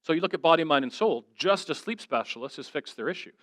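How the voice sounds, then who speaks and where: A man with a somewhat high voice gives a church talk, recorded close and dry. He tells stories in a lively, self-deprecating way, acting out the back-and-forth of each conversation. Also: fast talker, dry recording. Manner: animated, self-deprecating storyteller acting out dialogue. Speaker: guest speaker.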